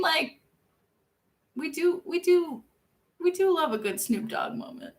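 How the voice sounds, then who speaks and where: A young woman chatting casually with her viewers, self-deprecating and laughing often, jumping from loud outbursts to quiet mumbles. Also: on the high side. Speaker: streamer reading viewer chat. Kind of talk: casual chat.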